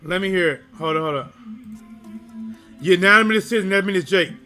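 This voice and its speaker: On a live stream, a man gives casual fight commentary addressed to his viewers, quickly getting worked up and often using fillers and restarts. He speaks in a high register at a normal speed, with faint music behind him.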